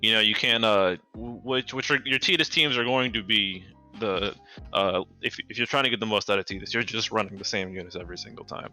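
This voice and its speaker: A man's voice: lowish voice, brisk, sharp tone, soft background music. A man co-hosting a casual gaming stream, opinionated and blunt, often correcting himself mid-sentence.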